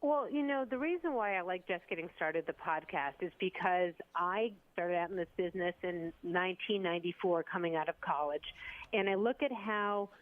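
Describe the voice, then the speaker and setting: A woman in her fifties, a sports broadcaster chatting on a radio show, telling stories in a lively, animated way. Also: fairly low pitch, normal speed. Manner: chatty, animated storyteller who slips into voices. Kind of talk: casual radio chat. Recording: dull remote line.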